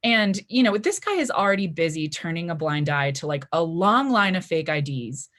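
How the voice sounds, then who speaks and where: A woman's voice: low voice, lively intonation, moderate pace, a bit bright. A woman in her twenties telling a personal story at a live story slam, chatty, with lots of "like" and "you know" fillers. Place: library event stage before an audience.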